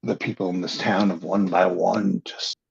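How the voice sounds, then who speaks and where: A man voicing a frightened, weeping male village priest who speaks in a shaky, halting, despairing way. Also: low voice, little pitch movement, gravelly, husky, exaggerated voice. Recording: dull lo-fi recording.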